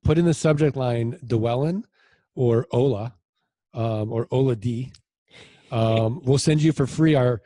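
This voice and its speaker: A man being interviewed as a land investor, telling stories in a casual, animated way with lots of quoted dialogue. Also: medium pitch, a little slow, dry recording, clean studio sound. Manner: animated anecdotes with voiced quotes.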